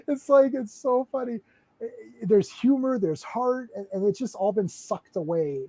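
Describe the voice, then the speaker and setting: Rambling man in his forties, high and mellow. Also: lively intonation, moderate pace. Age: 40s. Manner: rambling, repeats words while searching for them. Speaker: podcast host. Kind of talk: casual film discussion.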